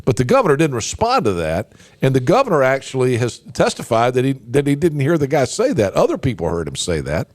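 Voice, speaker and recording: A man's voice: mid-range voice, huge pitch swings, a little fast, no room sound. A man hosting a political talk radio show, emphatic and folksy, with lots of fillers and restarts. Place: radio studio. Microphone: studio microphone.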